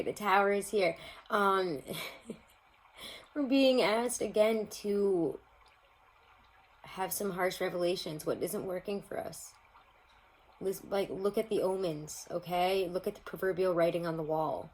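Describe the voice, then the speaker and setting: A woman's voice: lowish voice, unhurried, pauses often, low-quality recording. Chatty woman giving a tarot reading. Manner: chatty and rambling, laughs often. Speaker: tarot reader. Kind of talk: casual tarot reading for viewers.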